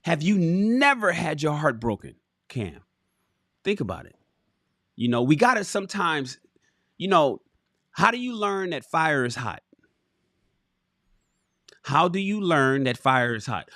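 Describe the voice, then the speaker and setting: A man in his forties reads a book aloud on his livestream and keeps breaking into animated, preachy asides. His pitch swings widely and sits a little high. The sound is close and dry. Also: unhurried, pauses often, no echo. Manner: animated, preachy storyteller, riffs on his reading. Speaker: livestream host reading a book.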